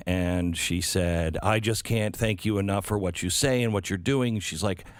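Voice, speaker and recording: A man's voice: deep voice, moderate pace, few pauses, no echo, studio quality. A man hosting a talk radio interview, telling a story conversationally and asking his guest probing questions. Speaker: radio talk show host.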